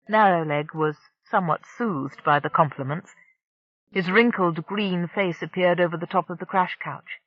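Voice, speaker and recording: An audiobook narrator reading a science fiction novel in a steady storytelling manner. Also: mid-range voice, normal speed, dry recording, highs cut off. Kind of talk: scripted narration.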